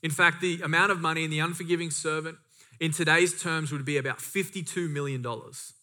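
Bright-voiced preaching man. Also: fairly high pitch, steady tone, a little fast. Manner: preaching with emphatic repetition and asides. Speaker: pastor. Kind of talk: sermon.

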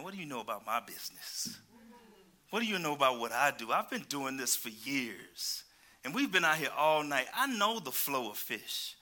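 A man's voice: mid-range voice, bright, forceful tone. A male preacher voicing a tired, exasperated fisherman who complains in slang during sermon storytelling. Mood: defensive.

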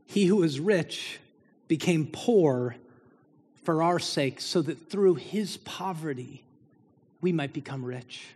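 A man's voice: fairly high pitch, slow, darkish tone, breathy edge. A man preaching a sermon as pastor, building emphasis through repeated phrases. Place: church sanctuary. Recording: long hall reverb.

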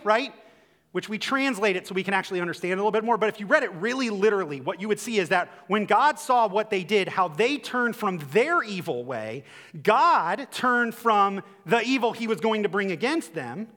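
A man preaching a sermon in an animated way, acting out quotes with a rising voice. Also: high voice. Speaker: pastor. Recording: long hall reverb.

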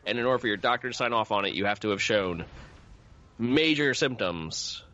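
A man's voice: fairly low pitch, fairly quick, bright, forceful tone. A man in his thirties from New Jersey, chatting casually as a podcast co-host and rambling with many fillers and restarts. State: coughing lately. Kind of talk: casual chat. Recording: dull lo-fi recording.

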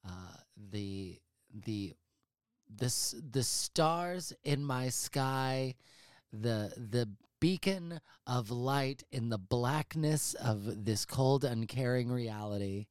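A man's voice: mid-range voice, animated, slow pace, smooth, no room sound, clean studio sound. A man hosting a casual comedy movie podcast from a home office, talking in a profane, hyperbolic, rambling way. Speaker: podcast host.

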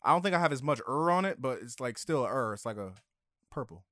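A man's voice: medium pitch, expressive, quick pace, bright, forceful tone, dry recording, studio quality. Young man joking in casual podcast banter. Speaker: podcast co-host. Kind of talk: casual chat.

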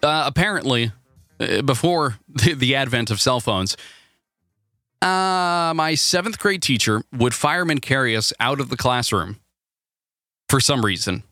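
A man's voice: mid-range voice, animated, unhurried, bright, forceful tone, no room sound, studio quality, faint music behind. A man hosting a casual comedy podcast, rambling through stories with stammers and laughs. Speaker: podcast host.

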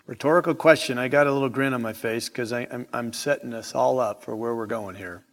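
A man preaching an evening sermon in a church sanctuary, emphatic and deliberate, asking the congregation rhetorical questions. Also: mid-range voice. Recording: hall reverb in sanctuary.

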